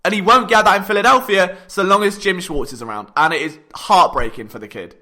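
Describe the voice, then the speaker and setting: A man hosts a sports podcast in an unscripted, heated rant. His voice sits very high and sounds bright and forceful. He argues his points with exasperated rhetorical passion. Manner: impassioned and exasperated, fast rhetorical ranting.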